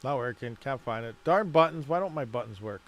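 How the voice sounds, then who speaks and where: A man's voice: medium pitch, expressive, a little fast. Laughing, rambling livestream guy. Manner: rambling, laughs a lot, mutters while fiddling. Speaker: mining livestream host. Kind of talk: casual livestream chat.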